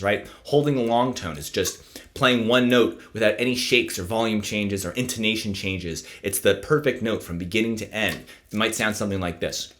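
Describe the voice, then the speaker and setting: A man teaching saxophone in a casual instructional video, explaining his practice routine in a relaxed way and often checking in with "right?". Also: on the low side.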